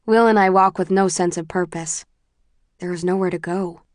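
A woman reads a first-person novel aloud in a measured, introspective way. Her voice sits on the lower side for a woman. The sound is close and dry, with no room echo. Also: fairly even intonation. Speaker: audiobook narrator.

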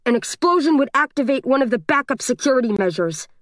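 A woman's voice: sits high, lively intonation, fast talker, no echo, pitched above the performer's own voice. A ruthless young woman interrogator, cold and pressing in manner, voiced by the woman reading the book. The sound is dry and close, with nothing behind it.

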